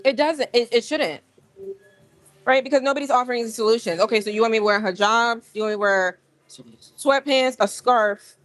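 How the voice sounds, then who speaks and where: A woman chats live to her viewers from the gym, rambling and animated as she talks straight to them. Her voice sits a little high. The sound is dry and close, with no room echo. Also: normal speed. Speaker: livestream host. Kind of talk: casual live-stream chat.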